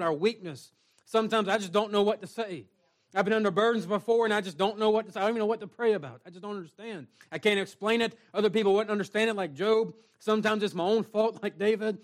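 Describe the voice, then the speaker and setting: A man with a notably high voice preaches an earnest sermon to a small church congregation. He moves between plain talk and reading scripture in old-fashioned wording. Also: fast talker. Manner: earnest preaching, reads scripture aloud in King James wording. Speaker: pastor.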